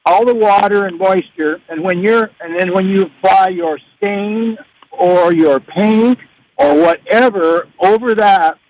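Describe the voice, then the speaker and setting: A man calling in to a radio show, speaking in a halting, hesitant way with many fillers. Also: high voice, muffled recording. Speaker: caller. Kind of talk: phone-in conversation.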